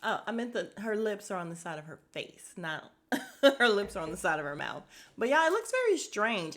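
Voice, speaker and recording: A woman's voice: medium pitch, sharp tone. Woman podcast host doing a reality tv recap, chatty, laughs a lot, blunt, swears some, talks to "y'all". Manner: talks straight to listeners as "y'all".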